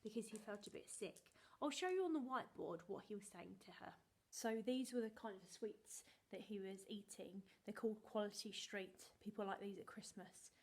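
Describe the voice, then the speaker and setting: A woman, a primary school teacher giving a remote video lesson to young children in a bright, sing-song, animated way, speaking slowly and clearly. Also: medium pitch.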